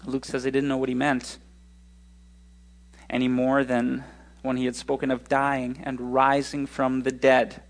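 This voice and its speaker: A male pastor preaching a sermon in an expressive way, slowing down and speeding up for emphasis. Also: medium pitch. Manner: expressive, shifting pace for emphasis.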